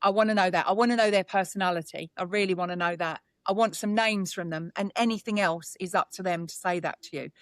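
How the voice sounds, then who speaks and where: A woman's voice: on the low side, fast, few pauses, no echo. A British woman, a psychic medium guest, speaking earnestly and with feeling in a conversational interview, often restarting her sentences. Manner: earnest, emotional, talks with many restarts.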